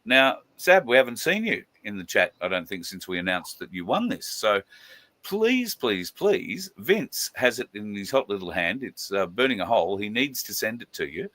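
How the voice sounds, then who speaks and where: A man hosting a casual live stream, chatting and greeting viewers by name, with many drawn-out fillers. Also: fairly low pitch, big pitch swings, pushed and bright. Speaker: livestream host.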